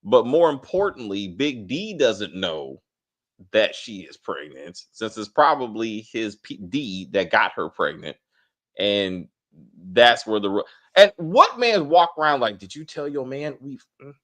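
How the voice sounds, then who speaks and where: A man hosting a casual TV review chat, animated and profane, acting out the characters' lines. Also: on the low side, measured pace. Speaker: podcast host.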